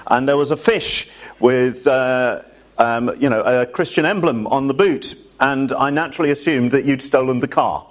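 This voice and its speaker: A polite, earnest policeman apologises at a middle pitch, as an English preacher puts him on in a sermon story. The voice stays close to the man's own. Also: moderate pace, close to an everyday voice. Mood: apologetic. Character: apologetic male police officer.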